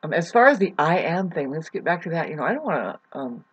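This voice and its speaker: A husky, slightly breathy woman in her forties muses aloud about astrology in a loose, wandering way. She stops and restarts often and leans on plenty of "um"s. The lo-fi recording sounds dull and muffled. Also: deep voice, sing-song. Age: 40s. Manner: halting, with many fillers and restarts. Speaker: astrology vlogger. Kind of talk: casual rambling astrology talk.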